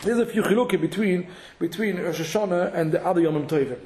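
A man with a fairly high voice teaches a halachic lesson, thinking aloud with many restarts and repeated words. His talk is peppered with Hebrew and Yiddish terms. The room around him is echoey and reverberant. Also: fast, darkish tone. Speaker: Torah teacher.

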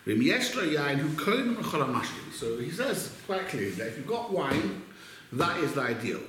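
A man's voice: fairly high pitch, sing-song, fairly bright tone, slight background noise. Man teaching a class in an echoey room. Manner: conversational, halting, full of restarts and Hebrew terms. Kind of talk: casual Torah class.

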